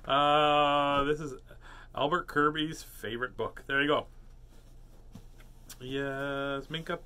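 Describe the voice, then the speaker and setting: A man's voice: a little high, steady tone, slow pace, pauses often, bright, forceful tone. A man hosting a casual storytime, joking around and playfully teasing between picture book pages. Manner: joking, playful, lots of fillers. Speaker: host reading picture books aloud.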